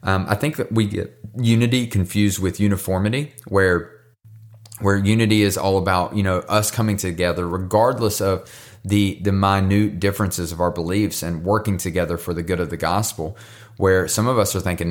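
Guy with a lower voice doing his devotional podcast, earnest and encouraging, kinda stumbles and repeats words. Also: normal speed. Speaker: podcast host. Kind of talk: casual devotional podcast talk.

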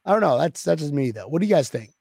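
A man on a sports podcast talks in loose, excited bursts and keeps tossing in "like" as he goes. His voice sits a bit high with a gravelly rasp. The recording is dry and close. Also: rapid-fire, no room sound. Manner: rambling, excitable, lots of "like". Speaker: podcast co-host. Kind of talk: casual sports chat.

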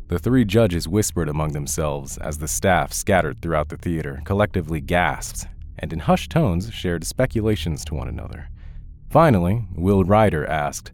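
Deep-voiced male story narrator. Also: lively intonation, darkish tone, dry recording. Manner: measured storytelling. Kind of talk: scripted audiobook narration.

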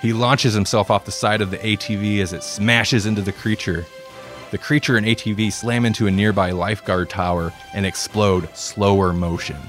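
A man reading a comedic story aloud in a relaxed way, with dry asides. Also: lowish voice, moderate pace, faint music behind. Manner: relaxed, self-deprecating asides.

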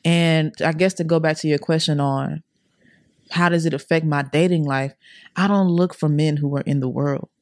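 A woman's voice: low voice, steady tone, moderate pace, a little mellow, no room sound, clean studio sound. A young adult woman as a podcast guest, telling her life story with earnest, repetitive, slang-filled casual talk. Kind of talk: emotional personal storytelling.

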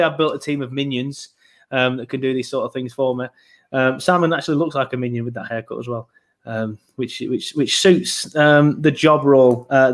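A young man hosting a casual football podcast, rambling with frequent ums. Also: medium pitch. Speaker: podcast host.

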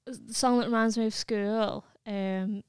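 A woman's voice: medium pitch, fairly even intonation, a little slow, clean tone, dry recording. A British woman co-hosting a podcast, chatting casually in short remarks. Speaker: podcast co-host. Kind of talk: casual chat.

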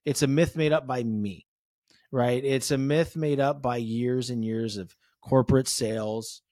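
A man hosting a podcast in casual interview chat, animated and peppering his talk with "right?" and "you know". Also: mid-range voice, measured pace, no room sound, studio quality. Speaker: podcast host.

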